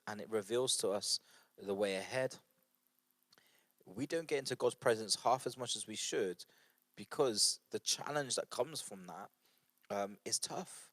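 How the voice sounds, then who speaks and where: A man's voice: medium pitch, moderate pace, dry recording. A man leading a church book study group in an informal devotional talk. He sounds earnest and conversational, with fillers and repeated phrases.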